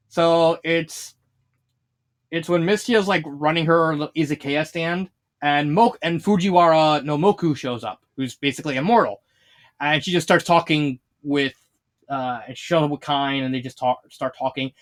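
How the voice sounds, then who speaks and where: A fanfiction reviewer talking casually, rambling with many restarts and fillers and laughing often while retelling scenes. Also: medium pitch.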